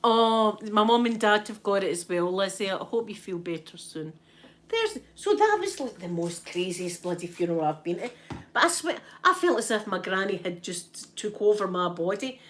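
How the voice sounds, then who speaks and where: There's slight background noise as a Scottish woman with a medium-pitched voice, speaking at normal speed, tells her ASMR stream's live chat a story. Casual and animated, she acts out dialogue and often asks "right?"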